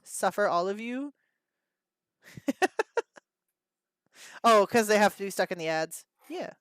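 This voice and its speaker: A woman's voice: mid-range voice, animated, slow pace, no echo. A woman in her thirties hosting a livestream, chatting casually with viewers, laughing often and swearing freely as she reacts to chat. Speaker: livestream host.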